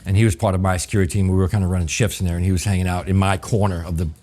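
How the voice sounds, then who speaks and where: A middle-aged man tells a story as a guest in a relaxed interview. His voice sits very low. He talks in a vivid, profane way and acts out the dialogue as he goes. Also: rapid-fire. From New Orleans, USA. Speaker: guest chef.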